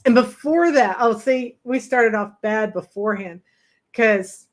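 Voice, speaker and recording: A middle-aged woman co-hosting a travel live stream, telling stories in a lively, animated way and acting out the people she quotes. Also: unhurried. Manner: animated, acts out quoted voices with big pitch jumps. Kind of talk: casual storytelling chat.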